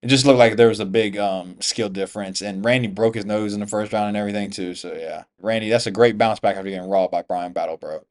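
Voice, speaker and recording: A man's voice: on the low side, fast talker, hardly any pauses. A man from the US, an MMA YouTuber, giving casual fight reaction commentary in slangy, profane talk, calling everyone "bro.".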